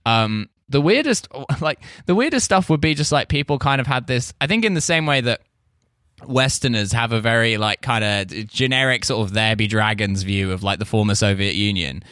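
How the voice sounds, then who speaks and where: English comic rambling on a podcast, cussing, acts out quotes, mid pitch, dead dry mic. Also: male voice, animated, normal speed, a bit bright, dry recording. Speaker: comedian guest. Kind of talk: casual podcast chat.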